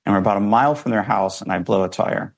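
A man with a fairly low, gravelly voice speaks as an interview guest. He recounts a personal story in an earnest, reflective way, with feeling coming through. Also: fast.

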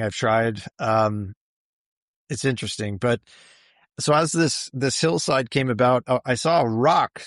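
Man slowly telling a personal story. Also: mid-range voice, a bit bright, no echo, studio quality. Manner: reflective, searching for words, many fillers. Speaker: interview guest. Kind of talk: recounting a personal experience.

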